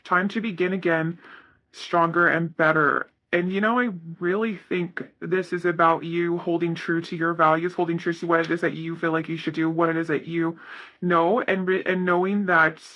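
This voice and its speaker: A man's voice: fairly high pitch, flat delivery, moderate pace, muffled recording. A man giving a casual tarot reading, talking in a rambling, self-correcting way with lots of fillers. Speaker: tarot reader.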